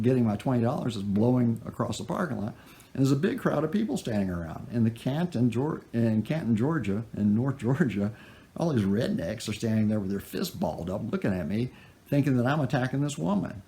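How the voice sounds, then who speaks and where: Animated low-voiced male storyteller. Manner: animated, chuckles while telling. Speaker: guitar maker telling a story. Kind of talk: told personal anecdote.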